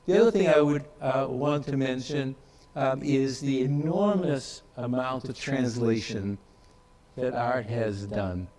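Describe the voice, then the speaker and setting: A man's voice: mid-range voice, measured pace, a crowd in the background, poor audio. Reflective man giving a tribute. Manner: reflective, with frequent fillers and restarts. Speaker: conference speaker. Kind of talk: tribute speech.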